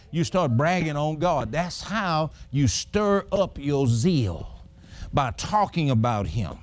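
A preacher man with a high, bright voice and a delivers his sermon. He tells stories with feeling, rising into shouts at times. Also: big pitch swings, slow. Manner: storytelling preacher, shouts and laughs while telling it. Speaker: pastor.

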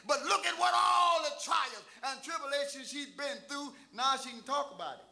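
Older preacher with a high, bright voice. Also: male voice, normal speed, gravelly. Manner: chanting, shouting preacher cadence with sung phrases. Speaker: pastor. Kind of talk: sermon.

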